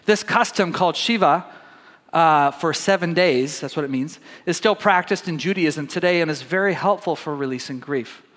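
A man's voice: on the high side, moderate pace, a bit bright, in a large hall. A man preaching a sermon, reading scripture aloud and talking it through conversationally with his congregation. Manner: conversational, addresses congregation as "guys". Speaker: pastor.

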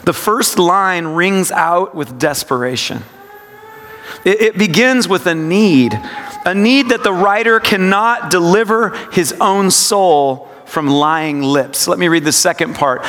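Man, pastor, meditative sermon, slow and reflective, fairly high voice, long hall reverb. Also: animated, fairly bright tone. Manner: slow, reflective, repeats lines with shifting emphasis. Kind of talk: devotional sermon with guided scripture meditation.

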